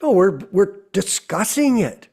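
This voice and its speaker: A man's voice: sits high, big pitch swings, unhurried, darkish tone, breathy edge. A man hosting an online devotional discussion, urging listeners earnestly and repeating phrases for emphasis. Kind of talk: exhortation to a video call audience.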